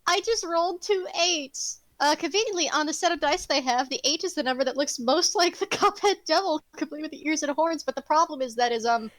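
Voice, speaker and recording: A woman narrating a tabletop game as game master, animated, laughing and casual. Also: high-pitched, brisk, hardly any pauses, no room sound, low-quality recording.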